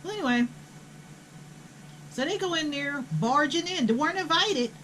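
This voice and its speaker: A woman's voice: high-pitched, expressive, moderate pace, fairly bright tone, slight background noise, low-quality recording. An older woman, telling a family story in a blunt, profane, indignant way. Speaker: host. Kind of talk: casual storytelling.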